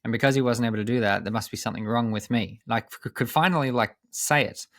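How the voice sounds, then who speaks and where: A young man, a coach and podcast guest, telling a personal story in a measured, earnest way with pauses and restarts. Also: mid-range voice, no room sound.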